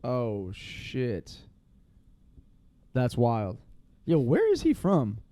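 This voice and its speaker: A man hosting a podcast, reacting fast with swearing and quick follow-up questions. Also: mid-range voice, wildly swooping pitch, mellow. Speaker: podcast host. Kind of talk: casual interview chat.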